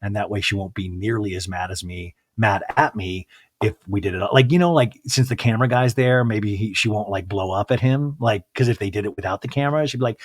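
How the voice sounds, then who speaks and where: A man's voice: brisk, no echo. Rambling man recapping TV, dry close mic. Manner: rambling, acts out quotes in high put-on voices. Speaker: podcast host. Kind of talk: solo TV recap podcast, casual chat.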